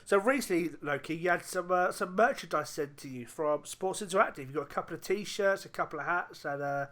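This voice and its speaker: A podcast host with a bright, slightly high voice leads relaxed banter. He laughs easily and swears casually. He asks his guests long questions. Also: fairly quick. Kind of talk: casual chat.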